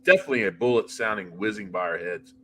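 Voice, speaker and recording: A middle-aged paranormal investigator tells animated anecdotes in a casual interview, frequently restarting his sentences and piling one example onto the next. His voice is fairly low and quick, with a little hiss or hum in the background.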